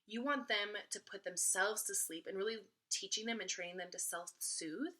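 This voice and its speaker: A young mother talks straight to the camera in a relaxed advice vlog. Her voice is bright and forward, and she rambles a little, circling back with "kind of" and "you know." The tone is friendly and informal. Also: mid-range voice, normal speed. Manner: chatty and repetitive, full of "kind of" and "you know". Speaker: mom vlogger.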